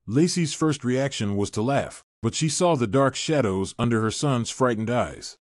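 A man narrating a scripted story in an even storytelling delivery. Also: mid-range voice, moderate pace, hardly any pauses, no echo, studio quality.

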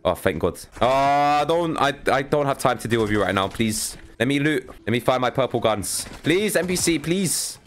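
Animated young man commentating gameplay. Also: medium pitch, moderate pace, few pauses, a little hiss or hum. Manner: excitable, talks to viewers, frequent exasperated outbursts. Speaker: gaming YouTuber.

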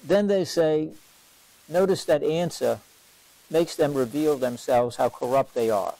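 A man leading a parish Bible study as its teacher, questioning his class and repeating key lines for emphasis in an unhurried classroom lecture. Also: on the high side, gravelly, warm tone, no echo, low-quality recording. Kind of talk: lively classroom lecture on scripture.

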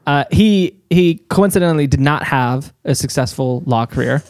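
Guy rambling thru a story on a podcast, kinda high voice, dry close sound. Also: expressive, normal speed, darkish tone, clear, resonant tone, no echo. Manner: rambling, lots of "uh" and laughing. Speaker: podcast co-host telling the story. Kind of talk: casual chat, storytelling.

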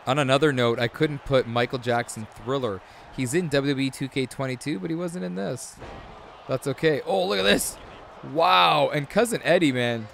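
A man in his thirties giving excitable, rambling commentary over a video game, full of chatty asides. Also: a little high, creaky, slight background noise. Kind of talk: casual gameplay commentary.

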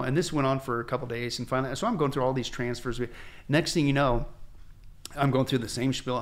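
A male pastor from the United States, guest on a podcast, telling his conversion story in an animated way, acting out the voices of people he quotes, with frequent restarts. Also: mid-range voice, fairly quick. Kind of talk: candid testimony storytelling. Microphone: podcast microphone.

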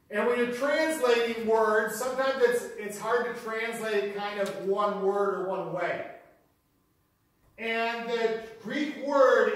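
A man preaches a sermon with an earnest, emphatic teaching manner, driving key phrases home by repeating them. His voice sits fairly high. He is heard from a distance in a large, very echoey church hall. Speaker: pastor. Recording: very echoey hall, mic far off.

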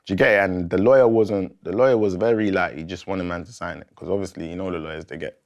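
A man's voice: low-pitched, steady tone, fast. A man, a rapper telling a story animatedly in a casual interview, full of fillers and acted-out quotes. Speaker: rapper and guest.

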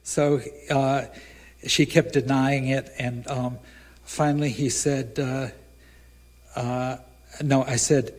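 An American man, a featured author, tells a rambling live anecdote at a museum event, acting out the dialogue with bursts of shouting. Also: mid-range voice, slow pace, long pauses. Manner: animated, acts out dialogue with rising shouts; rambling with many fillers.

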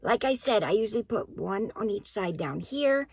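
A woman's voice: medium pitch, lively intonation, normal speed, vocal fry, darkish tone, breathy edge, dry recording. A woman talking casually through her skincare routine, explaining each step as she goes. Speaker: beauty vlogger.

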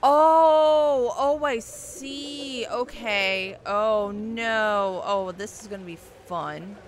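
Hoarse woman reacting as she plays. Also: mid-range voice, takes it slowly, fairly bright tone, slight background noise. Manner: reactive, exclaiming, talks to the game. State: hoarse, losing voice. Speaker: let's play gamer. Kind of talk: gameplay commentary.

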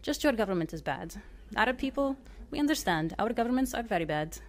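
Booming middle-aged Arab man, Arabic accent, friendly and reassuring; a woman doing the voice. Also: lively intonation, brisk, natural voice. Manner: reassuring, amused.

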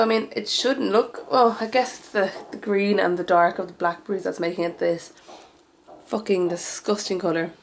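A woman's voice: mid-range voice, vocal fry, slight background noise, poor audio. A young woman in her twenties, filming a casual vlog at home in a dim room, rambling and self-deprecating. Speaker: vlogger.

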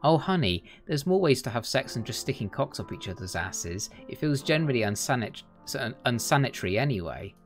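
A man's voice: mid-range voice, sing-song, a little fast, hardly any pauses, soft background music. A man reading as a teasing, tender young boyfriend. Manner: teasing, affectionate endearments. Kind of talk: reading a dating game aloud.

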